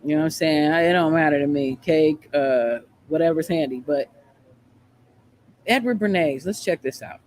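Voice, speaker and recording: A man's voice: on the high side, moderate pace, darkish tone. Laid-back man hosting a reaction show. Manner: laid-back, conversational, slangy. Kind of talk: casual commentary.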